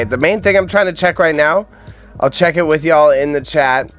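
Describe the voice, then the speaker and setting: A man's voice: fairly high pitch, moderate pace, a bit bright, faint music behind. A young man hosting a casual livestream, joking and self-deprecating as he laughs along and banters with his chat. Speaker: livestream host. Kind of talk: casual live-stream chat.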